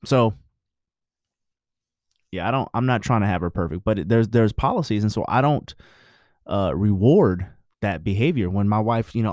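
A man's voice: on the low side, animated, normal speed, pauses often, a little mellow, no room sound, clean studio sound. A married man giving his views in a blunt, preachy, profane casual monologue.

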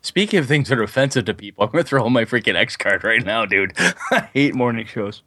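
A low-voiced man co-hosting a casual gaming podcast. He rambles through long stories, full of fillers and restarts. The sound is dry and close, with no room in it. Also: fairly quick, no echo. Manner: rambling, animated storyteller with many fillers. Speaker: podcast co-host. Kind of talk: casual podcast chat about tabletop gaming.

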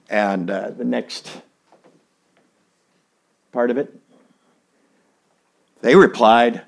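A man's voice: medium pitch, animated, takes it slowly, vocal fry, pauses often. A middle-aged man preaching a sermon in a folksy, conversational way, with an easy joke and many small fillers. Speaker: pastor.

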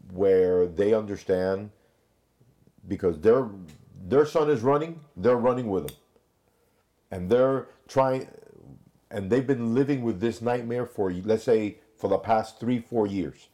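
A former investigator talks through a hard case in a measured, conversational way. His voice sits very low, with a dark and mellow tone. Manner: measured, recounts cases with quoted dialogue. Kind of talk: conversational storytelling.

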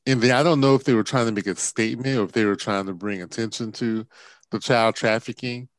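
A man with a low voice talks through his thoughts on a film in a casual chat. He is halting and often restarts mid-sentence, and his voice sounds dry and close to the mic. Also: steady tone, dry recording. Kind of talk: casual movie review chat.

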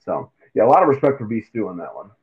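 A man co-hosting a casual sports chat, animated and acting out quotes in silly voices. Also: on the low side, fast talker. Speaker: podcast co-host. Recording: tinny phone-like mic.

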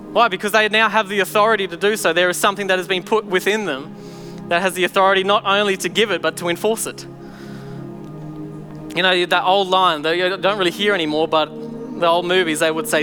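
A man's voice: high voice, long reverb tail. A man preaching a sermon to his church, telling stories animatedly and acting out voices. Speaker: pastor.

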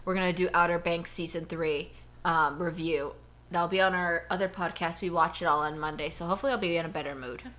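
A woman's voice: fairly low pitch, steady tone, a little fast, fairly bright tone. A woman co-hosting a casual podcast at home, ranting animatedly about her day and her dogs. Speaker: podcast co-host. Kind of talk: casual chat. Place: home living room.

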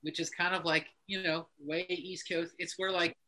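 A man's voice: a little high, level tone, normal speed, bright, forceful tone, low-quality recording. A man with a Northeastern American accent, a musician guest chatting casually on a podcast, rambling through tangents and swearing freely. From Northeastern United States.

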